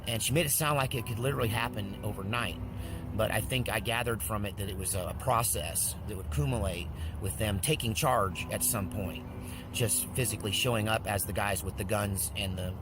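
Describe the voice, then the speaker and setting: A man's voice: fairly low pitch, a little fast, noisy background. A man telling a long story in a casual, rambling way, acting out the dialogue he quotes. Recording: speech with music underneath.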